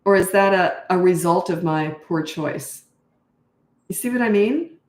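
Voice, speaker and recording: A woman's voice: lowish voice, unhurried. Blunt woman parenting coach, echoey room. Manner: blunt, emphatic, acts out her own replies to kids. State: tired. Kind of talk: live Q&A advice talk.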